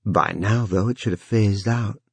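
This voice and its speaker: A man's voice: lowish voice, steady tone, a little slow, breathy edge, no room sound. A man voicing a composed, self-assured young woman who speaks levelly.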